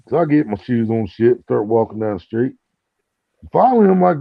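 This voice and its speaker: A man with a gravelly, creaky voice tells rambling, profane stories in casual chat and jumps his pitch up whenever he acts out what someone else said. The sound is close and dry, with no room around it. The recording itself is dull and lo-fi. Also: lively intonation, moderate pace, no echo. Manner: profane, acts out quoted dialogue in a higher voice. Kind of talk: casual storytelling.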